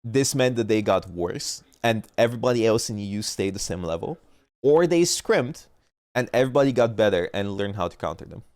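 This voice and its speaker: A man's voice: on the low side, expressive, brisk, a little mellow, dry recording, studio quality. A young man with a stuffy nose, commenting on an esports match in blunt, profane, rambling talk on a livestream. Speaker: esports streamer.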